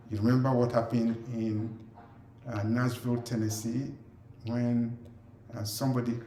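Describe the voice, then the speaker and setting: A male preacher delivers his message at a very slow, measured pace, pausing often and filling gaps with hesitant sounds. His voice sits in an ordinary middle pitch for a man. The recording carries a noticeable roomy echo. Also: dark tone. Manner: deliberate, halting with frequent fillers. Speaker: ministry preacher. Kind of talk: preaching commentary.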